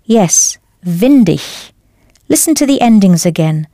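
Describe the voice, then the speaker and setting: A woman teaching a language lesson in a clear, careful scripted delivery, spelling out words as she goes. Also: mid-range voice, animated, takes it slowly, a little mellow, no room sound, studio quality.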